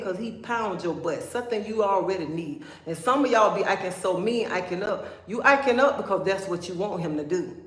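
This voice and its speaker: A woman's voice: mid-range voice, moderate pace. A woman hosting a casual livestream gives blunt, preachy advice. She keeps checking in with "okay?" and calling listeners "honey". Her voice echoes around a bare room. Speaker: livestream host.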